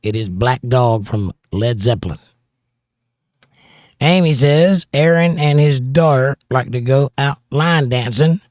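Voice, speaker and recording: A man's voice: mid-range voice, measured pace, a little mellow, dry recording, clean studio sound. Wry middle-aged man reading chat. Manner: wry, joking asides between read-outs. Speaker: livestream host. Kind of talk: casual chat, reading viewer comments aloud.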